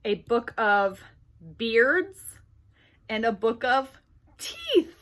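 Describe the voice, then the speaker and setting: A woman's voice: on the high side, animated, slow, fairly bright tone. A woman leading a children's story time at a library, reading aloud playfully and laughing often. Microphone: camera mic in a library room.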